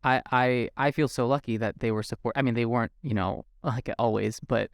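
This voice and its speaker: A man's voice: medium pitch, fairly even intonation, a little fast, dry recording, studio quality. Man hosting an interview, rambling and heartfelt. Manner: rambling, warm-hearted, many fillers and restarts. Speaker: podcast host. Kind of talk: conversational interview.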